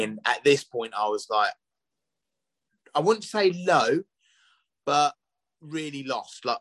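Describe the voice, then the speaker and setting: A middle-aged man speaking at an ordinary pitch, recounting his past in a loose, rambling way and circling back with fillers as he goes. The recording is dry and close, with almost no room sound. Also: a bit bright, no room sound, rough recording. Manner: rambling, with many restarts and "you know" fillers. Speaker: chef and restaurateur, podcast guest. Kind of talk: casual storytelling interview.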